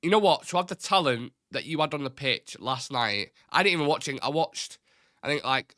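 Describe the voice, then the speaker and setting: A man's voice: mid-range voice, bright, forceful tone, no echo, clean studio sound. A young man hosting a casual fan livestream, blunt and indignant, swearing freely, with a slightly stuffy, nasal voice. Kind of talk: casual live-stream chat.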